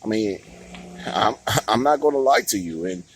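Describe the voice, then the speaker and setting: A man's voice: medium pitch, expressive, moderate pace, creaky, breathy edge, dry recording, rough recording. A man giving heated, profane political commentary on his vlog, often stopping to laugh and restarting his words.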